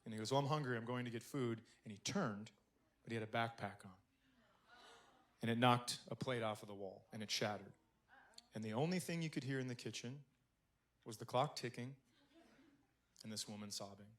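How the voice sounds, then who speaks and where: A man's voice: fairly low pitch, moderate pace, long pauses. Middle-aged man doing stand-up. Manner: storytelling, acting out characters, loud punchlines. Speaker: stand-up comedian. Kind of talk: stand-up comedy set. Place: comedy club stage. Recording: noisy live club recording.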